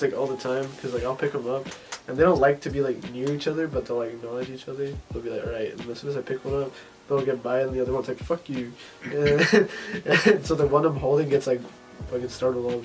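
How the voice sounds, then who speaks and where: A man chatting on a podcast, mid-pitched and loose, rambling from one story to the next with constant fillers and casual swearing. Faint music plays underneath. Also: rough recording. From family ties to Texas. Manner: rambling, profane, many fillers. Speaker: podcast host. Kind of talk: casual chat.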